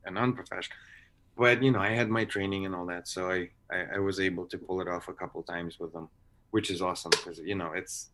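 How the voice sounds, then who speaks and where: A man's voice: deep voice, pushed and bright. A man chatting as an actor guest on a video-call interview, rambling with many restarts. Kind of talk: casual interview chat.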